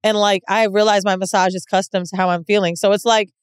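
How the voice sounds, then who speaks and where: New woman co-host, lively storyteller, curses casually, dry close mic. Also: mid-range voice, quick pace, clear, resonant tone, no room sound. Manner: animated storyteller, swears freely. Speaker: podcast co-host. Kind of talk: casual podcast chat.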